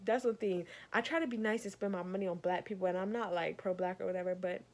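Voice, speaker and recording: A woman's voice: mid-range voice, fast talker. Exasperated woman vlogging. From Savannah, Georgia. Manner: animated, exasperated, addresses viewers as y'all. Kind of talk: storytime rant.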